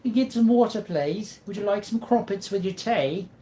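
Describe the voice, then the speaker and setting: A man's voice: high-pitched, moderate pace, noisy background, voice pushed up, natural voice. A man voicing a chummy British man who offers tea, with a put-on British accent and a playful, mock-posh manner.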